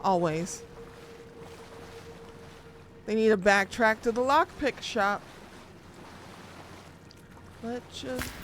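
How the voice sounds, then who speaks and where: A woman streaming gameplay, reacting excitably, swearing often and talking to herself and the screen. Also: lowish voice, a little hiss or hum. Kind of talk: live gameplay commentary.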